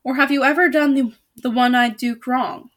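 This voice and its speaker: A noble, melancholy knight from a read-aloud storybook, voiced by a woman, speaking softly and evenly. He stays calm and dignified. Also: high voice. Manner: soft, measured.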